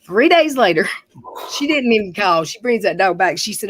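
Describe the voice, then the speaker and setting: A woman's voice: medium pitch, big pitch swings, normal speed, no echo, poor audio. A woman hosting a livestream, telling family stories in a rambling, chatty way and often correcting herself mid-sentence. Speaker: livestream host. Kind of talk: casual storytelling chat.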